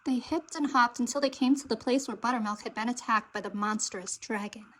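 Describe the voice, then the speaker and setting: Lady reading a kids' story, expressive and dramatic, higher voice. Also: a little fast, poor audio. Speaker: storybook reader. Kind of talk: children's read-aloud narration.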